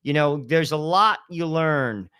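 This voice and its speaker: A man's voice: fairly high pitch, slow pace, fairly bright tone, clear, resonant tone. A man in his fifties co-hosting a podcast, talking casually and emphatically about faith, often repeating "listen" and "you know". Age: 50s. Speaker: podcast co-host. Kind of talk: casual religious talk.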